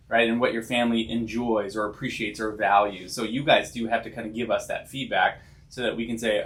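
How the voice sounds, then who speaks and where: A man's voice: on the low side, brisk, fairly bright tone. A man, a counselor co-hosting a podcast, explaining ideas thoughtfully and often checking in with "right?". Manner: thoughtful, explanatory, tag questions. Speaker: podcast co-host, licensed counselor. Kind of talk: casual conversational podcast.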